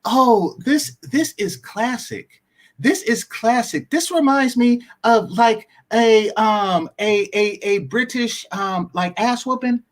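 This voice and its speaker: A man's voice: extremely high pitch, takes it slowly. A man hosting a live stream, reacting to a clip with gleeful, sarcastic commentary.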